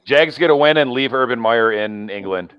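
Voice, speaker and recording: A man's voice: medium pitch, normal speed, smooth, no echo, muffled recording. A man on a sports podcast panel making dry, wry remarks about the games. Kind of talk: casual podcast chat.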